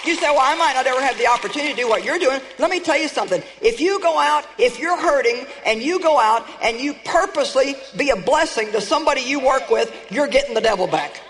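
A woman delivers a sermon with a very high-pitched voice. She preaches in an emphatic, conversational way and sometimes builds to exclamations. Her words ring out with the long reverb of a large hall. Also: lively intonation, fast, hardly any pauses, background noise.

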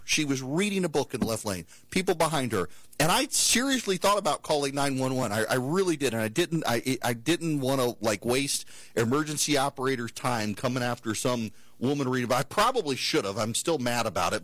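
A man's voice: medium pitch, animated, brisk, a bit bright, no room sound. A male talk show host telling a story and ranting in an exasperated, opinionated monologue.

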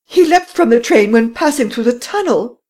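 A shrill, frantic society lady. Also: lively intonation, moderate pace, darkish tone. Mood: insistent. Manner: shrieking, breathless, weeping.

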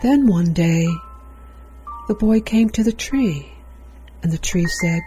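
Slow, mellow woman reading a storybook. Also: medium pitch, expressive, faint music behind. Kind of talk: storybook read-aloud.

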